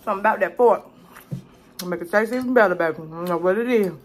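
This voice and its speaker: A woman talks fast in a mid-range voice. Eating on camera for a casual mukbang, this cooking vlogger is chatty, loud and salty, swearing freely and calling the viewer "baby."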